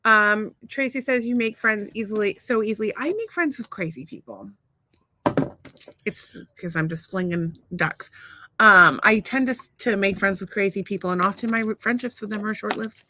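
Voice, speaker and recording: Bright-voiced rambling woman podcaster. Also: mid-range voice, normal speed, a little hiss or hum. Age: middle-aged. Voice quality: rambling, frequent restarts, laughs often. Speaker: podcast co-host. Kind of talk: casual podcast chat reading listener comments.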